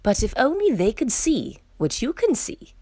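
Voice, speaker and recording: A woman reading a children's picture book aloud in an expressive, playful way. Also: fairly high pitch, normal speed, no room sound. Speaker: storyteller. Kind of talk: children's story read-aloud.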